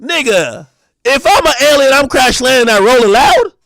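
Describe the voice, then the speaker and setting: A man hosting a livestream, delivering a loud, profane comedic rant with shouted bursts. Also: very high voice, big pitch swings, normal speed, creaky, no room sound, clean studio sound. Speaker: streamer and show host.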